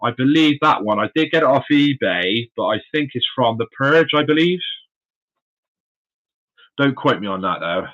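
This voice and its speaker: A man's voice: medium pitch, lively intonation, moderate pace, pauses often, a bit bright. A man hosting a casual live stream from his room of animal enclosures, chatty and friendly, calling his viewers mate and buddy. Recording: dull lo-fi stream audio.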